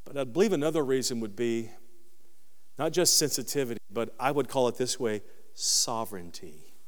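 A man preaching a sermon as pastor, dropping low and quiet, then rising into loud, high peaks. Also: animated, normal speed, big-room sound.

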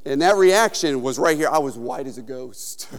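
A male pastor preaching a sermon in a relaxed, conversational manner, telling stories with frequent fillers. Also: medium pitch, moderate pace, big-room sound.

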